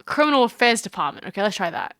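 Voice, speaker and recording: Brief: rambling self-mocking streamer woman, bright clear voice, dry close mic. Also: medium pitch, very animated, quick pace, no echo. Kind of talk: casual game-playing chat.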